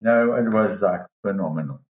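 Animated man recounting a dive story. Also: normal speed. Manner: animated, pitch jumps when quoting others. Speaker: dive guide telling a story. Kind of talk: casual storytelling in an interview. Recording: roomy echo.

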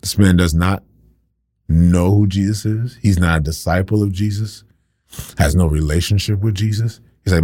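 A man's voice: low-pitched, moderate pace, mellow, dry recording, studio quality. A man preaching a sermon with passion, acting out the voices of the people he quotes.

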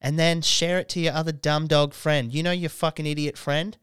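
A tipsy young Australian man with a smooth, clear voice, swearing freely and laughing his way through rambling stories. The sound is dry and close, with no room around it. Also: fairly high pitch, little pitch movement, a little fast, a bit bright, no echo. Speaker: podcast host. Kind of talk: casual drunk chat.

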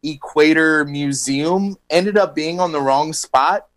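A man's voice: fairly high pitch, takes it slowly, a bit bright, low-quality recording. A man co-hosting a radio show, presenting a history segment in a loose, laughing, joking way. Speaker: radio co-host. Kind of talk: casual radio banter.

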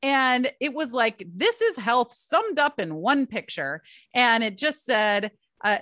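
A woman in her forties telling personal stories as a podcast host, chatty and animated, speaking straight to her listeners. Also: a little high, takes it slowly, dry recording, clean studio sound. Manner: chatty, animated, laughs often, addresses listeners directly. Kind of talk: personal storytelling monologue.

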